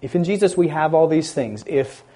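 A man preaching a sermon, building loud on key words and dropping quiet at the ends of phrases, stressing scripture slowly. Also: a little high, lively intonation. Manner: slow, deliberate emphasis on scripture phrases.

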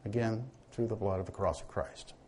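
A man's voice: on the low side, steady tone, moderate pace, a little mellow, husky. A man preaching a sermon in a conversational teaching manner, often asking his listeners questions.

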